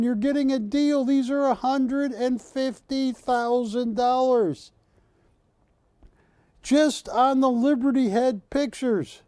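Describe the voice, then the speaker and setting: A man hosting a live shopping channel, pitching art to callers with persuasive repetition. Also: mellow, no echo, studio quality. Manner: persuasive, repeats words for emphasis. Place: TV studio.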